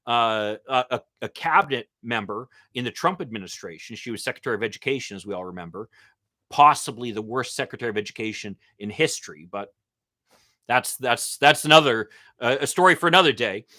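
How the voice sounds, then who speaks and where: A man hosting a live-stream Q&A as a political commentator, answering viewer comments in a halting way with many ums and uhs. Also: medium pitch, lively intonation, pushed and bright. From Michigan. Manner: halting, with frequent um and uh fillers.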